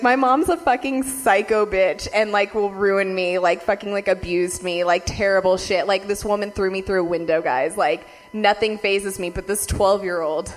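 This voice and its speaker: A young woman vlogger tells her viewers a story at a fast clip, packing in "like" fillers, heavy swearing and lots of laughter. As she rants, her voice swings animatedly in pitch and loudness.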